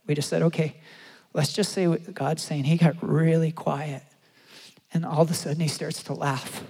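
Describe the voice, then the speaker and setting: A man preaching a sermon and telling a story, acting out the quotes with animated delivery. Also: a little high, moderate pace, slightly rough. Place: large church hall. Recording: long hall reverb.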